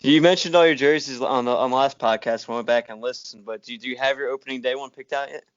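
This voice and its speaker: An upbeat man hosts a casual sports podcast, laughing easily between his points. His voice is smooth and resonant, sitting at a middle pitch. The recording is dry and slightly muffled. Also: fast talker, no echo. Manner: upbeat, laughs often, filler-heavy. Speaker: podcast host.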